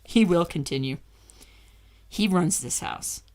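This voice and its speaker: A woman's voice: lowish voice, animated, slow, a little mellow. A woman hosting a casual livestream from home into a desk microphone, candid and chatty, often breaking off to talk to her dog. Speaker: livestream host. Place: at home indoors.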